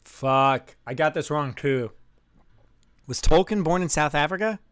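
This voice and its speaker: A man streaming live while playing a trivia game, bursting into loud outbursts and swearing whenever he loses. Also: a little high, a little slow, clear, resonant tone. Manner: excitable, loud outbursts and swearing when losing.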